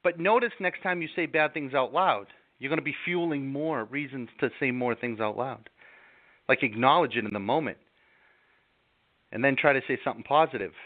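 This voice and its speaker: A man's voice: medium pitch, normal speed, dry recording. A man giving self-help advice in a live interview, talking casually and acting out angry outbursts. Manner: animated, acts out angry outbursts. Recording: tinny phone-like sound, dry.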